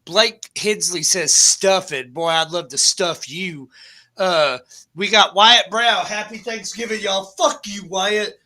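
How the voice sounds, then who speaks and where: A man co-hosting a livestream, tipsy, loud and swearing freely. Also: sits high, slow pace, slight background noise. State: drunk. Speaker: co-host of a fantasy football stream. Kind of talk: casual livestream chat.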